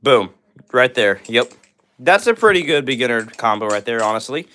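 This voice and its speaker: A man's voice: mid-range voice, lively intonation, moderate pace, sharp tone, slight background noise. A young man hosting a live stream, reading out viewer comments and answering them in a friendly, upbeat way with lots of "all right" and "bro".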